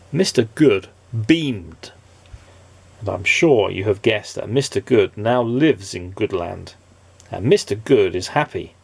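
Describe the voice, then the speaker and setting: A man reading a children's picture book aloud, expressive and playful. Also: fairly low pitch, measured pace, gravelly, breathy edge, no room sound. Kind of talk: storybook read-aloud.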